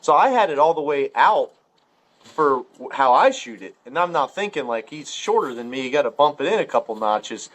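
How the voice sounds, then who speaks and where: A man with a somewhat higher voice spins a long, rambling hunting yarn in casual chat. He is loose and profane, and he jumps his pitch up whenever he acts out what someone said. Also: sing-song, fairly quick, fairly bright tone. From Ohio. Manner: rambling, profane storyteller full of filler words. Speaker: podcast guest storyteller.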